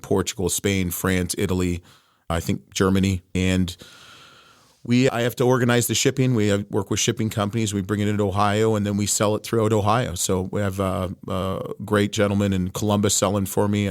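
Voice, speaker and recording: A man's voice: lowish voice, little pitch movement, a little fast, no room sound, clean studio sound. A middle-aged man from Canada with a Canadian accent, a guest chatting casually and telling stories with restarts and asides. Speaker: guest, wine distributor. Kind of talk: casual interview chat.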